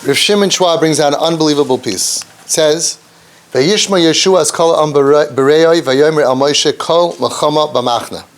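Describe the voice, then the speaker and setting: A man giving a Torah lesson, telling the story with lively, acted-out quotes. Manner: animated storytelling, acting out quotes with pitch jumps; mixes Hebrew and Yiddish terms into English.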